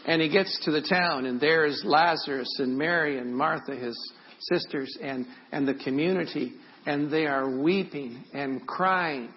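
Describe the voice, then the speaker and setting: A man's voice: a little high, highs cut off, a little hiss or hum. Older male pastor preaching in a storytelling way. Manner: storytelling, drops to soft and slow when emotional. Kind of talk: sermon.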